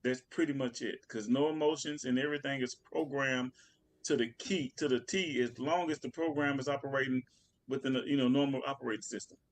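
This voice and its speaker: A man's voice: medium pitch, fairly even intonation, fairly quick, a little hiss or hum. A man co-hosting a talk show, chatting casually and earnestly, often repeating words as he talks. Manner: earnest, repetitive, laughs easily. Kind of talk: casual chat.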